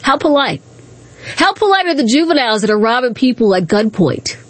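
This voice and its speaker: A woman's voice: a little high, big pitch swings, brisk, no room sound. A woman hosting talk radio, speaking in a combative, indignant way with repeated rhetorical questions.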